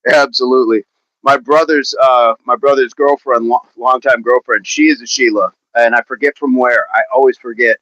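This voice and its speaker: A man's voice: mid-range voice, fairly even intonation, normal speed, fairly bright tone, dry recording. A man hosting a daily fitness livestream, chatting casually while stretching and reading viewer comments aloud in a playful way. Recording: dull lo-fi sound, dry.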